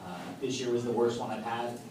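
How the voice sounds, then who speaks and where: Exasperated stand-up comedian, echoey club. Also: male voice, mid-range voice, flat delivery, fairly quick, a crowd in the background. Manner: punchy, exasperated storytelling with loud outbursts. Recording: echoey club room from a distance. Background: audience laughter and club ambience.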